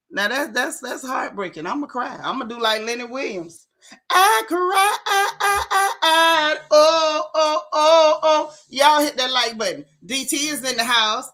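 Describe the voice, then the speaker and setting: A woman hosting a casual livestream, greeting viewers by name in a playful, animated way. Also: medium pitch. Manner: playful, animated, Southern-leaning slang. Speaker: livestream host. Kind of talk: casual live chat.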